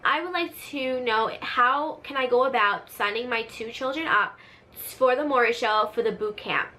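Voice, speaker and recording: A woman imitating her stern, fed-up mother, speaking firmly and deliberately. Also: fairly high pitch, sharp tone. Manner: firm, deliberate, no-nonsense. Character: stern fed-up mother, firm and matter-of-fact.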